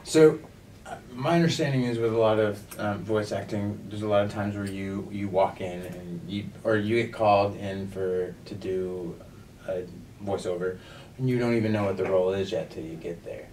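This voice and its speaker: A man interviewing a guest in a relaxed, friendly way, laughing along with her. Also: on the low side, moderate pace. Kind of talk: casual convention interview. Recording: echoey room, far from the mic, faint noise.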